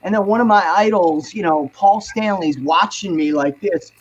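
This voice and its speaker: A man, telling animated, profane stories as a guest on a video call. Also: high-pitched, normal speed, highs cut off, a little hiss or hum. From New Jersey. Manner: animated, profane storyteller, acts out quotes. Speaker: guest musician. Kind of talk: casual storytelling on a video call panel.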